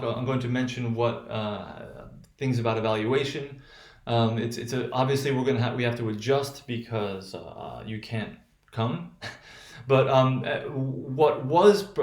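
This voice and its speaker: Man, General American accent, phonetics lecture, many restarts, mid-pitched voice, echoey room. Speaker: phonetics teacher. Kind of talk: recorded remote lecture.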